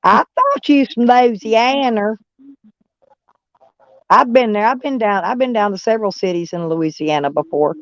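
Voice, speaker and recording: Rambling woman, high-pitched, muffled. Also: normal speed, no room sound. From Southern United States. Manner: rambling, folksy, swears freely. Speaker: livestream host. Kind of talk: casual chat. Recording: slightly muffled dry audio.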